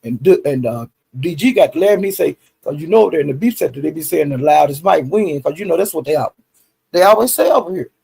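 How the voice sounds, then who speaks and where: A man's voice: on the high side, animated, quick pace, vocal fry, dark tone, breathy edge. A man, recapping online drama in a rambling, folksy way full of fillers. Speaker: YouTube commentary host.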